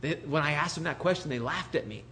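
A man delivering a sermon in a slightly raised voice, lively and conversational. He preaches with rhetorical questions to his congregation and slips into the voices of the people he quotes. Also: on the high side, fast talker. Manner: animated, rhetorical questions, acts out voices of others. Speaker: pastor planting a church.

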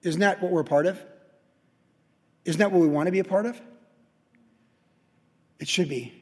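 A man preaching a sermon, telling a story with sudden loud excited peaks between quiet stretches. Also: high-pitched, moderate pace, husky, big-room sound. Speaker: pastor.

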